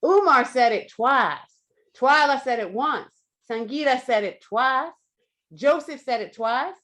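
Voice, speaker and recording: A woman's voice: high voice, animated, unhurried, fairly bright tone. A woman giving an effusive meeting report on a video call, quoting speakers and laughing often. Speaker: meeting grammarian.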